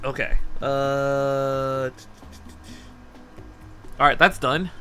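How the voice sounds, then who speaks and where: A man streaming casually as he builds a model kit. He rambles, asks himself questions and counts steps out loud while he works. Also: fairly high pitch, slow, pauses often, soft background music. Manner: easily sidetracked, lots of restarts and rhetorical questions.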